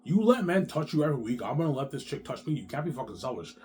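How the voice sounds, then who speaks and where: A man's voice: medium pitch, big pitch swings, fast, darkish tone, a little hiss or hum. A man talking on his own in a long, rambling, repetitive monologue, with heavy swearing and slang. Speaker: vlogger.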